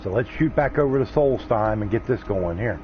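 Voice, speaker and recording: Animated and fairly quick, a game livestream host with a fairly low voice rambles casually in a folksy, easygoing manner. Faint music plays behind him, and the stream audio is slightly dull and lo-fi.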